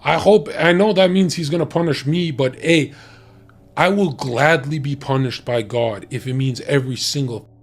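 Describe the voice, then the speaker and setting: A man talking bluntly and profanely in a heated, ranting casual chat about dating. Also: medium pitch. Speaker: podcast guest giving dating opinions.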